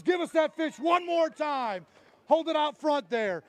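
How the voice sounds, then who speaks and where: A man emceeing a live fishing tournament weigh-in on an outdoor stage, hyped and joking, shouting out the weights. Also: extremely high pitch, lively intonation, unhurried, dry recording. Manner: hyped, jokey, loud call-outs.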